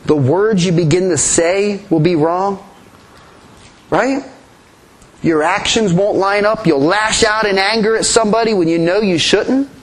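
A man's voice: high voice, a little slow, rough recording. A man preaching a sermon in an earnest way, often repeating his key phrases. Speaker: pastor.

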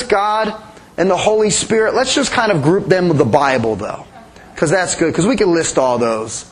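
A man with a notably high voice teaches a sermon in a conversational way. He keeps asking his congregation questions and approving their answers, with lively emphasis. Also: low-quality recording. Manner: animated emphasis, playful sound effects. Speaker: pastor.

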